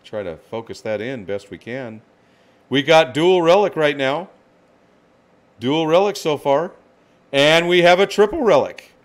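A man hosting a live card-break stream, excitedly calling out each card and greeting viewers by name. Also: on the high side, a little slow, long pauses.

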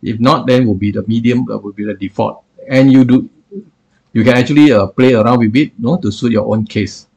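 A man walks through a software tool in a tutorial, his voice gravelly with a husky edge. He explains haltingly and keeps reaching for words with filler phrases as he clicks along. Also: mid-range voice, lo-fi sound. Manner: hesitant, filler-heavy explaining. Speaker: software reviewer. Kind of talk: screen-recorded tutorial.

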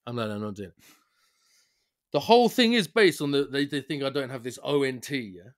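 A man's voice: medium pitch, sing-song, fast. A man, co-hosting a podcast, ranting through a story in casual chat and mimicking the people he dealt with. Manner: rants, mimics the people on the call. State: unwell. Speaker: podcast co-host.

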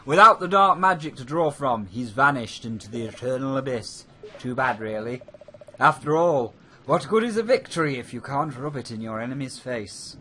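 A man's voice: mid-range voice, expressive, moderate pace, bright, forceful tone, slight background noise, pitched below the performer's own voice. A man voicing a scheming female pirate captain with a sly, smug delivery, reading game dialogue.

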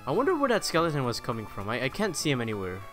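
A man giving casual gameplay commentary, excitable and self-mocking, talking to the creatures in his game. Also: mid-range voice, very fast. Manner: excitable, self-mocking, talks to the game's mobs. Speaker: gaming YouTuber. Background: background music.

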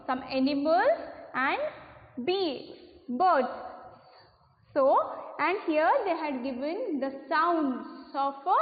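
Slow Indian woman teacher, tinny and echoey. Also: high voice. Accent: Indian English. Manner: slow, drawn-out, checks in with "okay, children?". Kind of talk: recorded online class lesson. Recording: echoey room over a tinny phone line.

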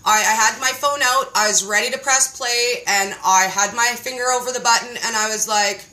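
Woman host, casual chat, bright forceful voice, higher pitch, animated playful storyteller. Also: normal speed, hardly any pauses, low-quality recording.

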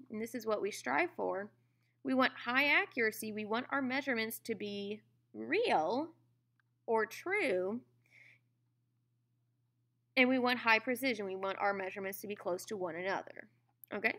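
Lady teacher explaining science, chatty, keeps asking okay?, bright voice. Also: fairly high pitch. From United States. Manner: conversational, checks in with "okay?" and "all right?". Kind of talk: classroom lecture.

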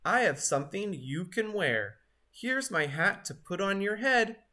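A woman voicing eager young children in a storybook read-aloud, with bright, raised exclamations. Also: medium pitch, lively intonation, a little slow. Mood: kind.

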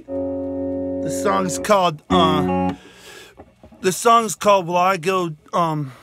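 A man rambling through goofy shout-outs in a comedic vlog, recorded on a phone. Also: sits high. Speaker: vlogger.

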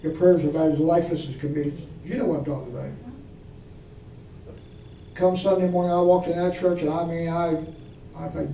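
Male preacher, high mellow voice, folksy testimony, recorded from a distance in an echoey church. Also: fairly even intonation, brisk, gravelly, pauses often. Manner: folksy testimony with audience questions. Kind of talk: storytelling sermon. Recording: echoey room from far off, faint noise.

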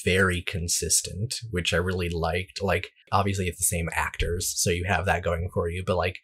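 A man's voice: sits low, flat delivery, normal speed, fairly bright tone, husky. A man co-hosting a podcast, reviewing a movie in casual chat, rambling with lots of restarts and fillers. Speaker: podcast co-host.

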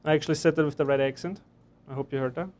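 A man with a fairly high voice talks through a live online cooking lesson from a kitchen. He is chatty and cracks jokes as he explains each step while he works. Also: steady tone, rapid-fire, darkish tone. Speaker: chef instructor.

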